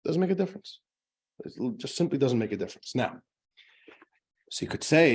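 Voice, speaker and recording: A man who is a rabbi teaching a class, telling a joke in a lively, conversational way before explaining a lesson. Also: medium pitch, fairly quick, pauses often.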